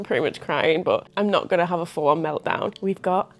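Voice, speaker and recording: A woman chatting excitedly to camera in a casual vlog, often laughing and gasping as she talks. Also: lowish voice, brisk. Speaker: small business owner and vlogger.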